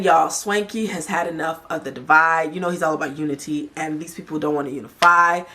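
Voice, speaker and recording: A woman hosting a casual reality-show recap, telling it in a chatty, animated and exasperated way. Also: fairly low pitch. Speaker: host.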